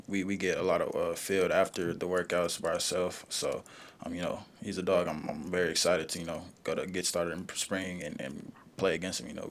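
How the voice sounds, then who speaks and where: Low-voiced young man with many fillers. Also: a little hiss or hum. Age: young adult. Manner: relaxed, leans on "you know" and "um" fillers. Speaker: college football player. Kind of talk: press conference answers.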